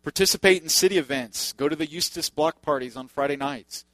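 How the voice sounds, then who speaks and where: A man's voice: fairly high pitch, a little fast, a bit bright, no echo. A man preaching a sermon in a loose, conversational way, with joking asides to the congregation. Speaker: pastor.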